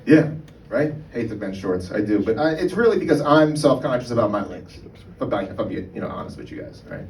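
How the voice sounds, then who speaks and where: A man's voice: medium pitch, lively intonation, a little fast, a little mellow. Male stand-up comic, chatty and crude, on a live club stage with room noise and reverb. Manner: conversational, profane, keeps asking "right?". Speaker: stand-up comedian. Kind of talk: stand-up comedy. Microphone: mic on a stand. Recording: roomy live room, mic far off, background noise.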